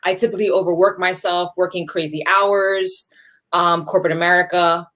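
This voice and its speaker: A woman speaks as a guest over a video call, with a voice a touch low. She talks earnestly and emphatically and acts out the voices she quotes. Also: steady tone, normal speed, a bit bright. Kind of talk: earnest personal talk.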